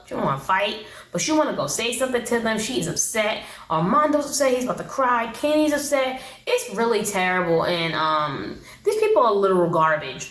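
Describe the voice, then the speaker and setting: A woman's voice: medium pitch, a bit bright. A woman giving a blunt, slangy casual recap of a TV episode, acting out the people she quotes. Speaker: TV show reviewer. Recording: roomy echo.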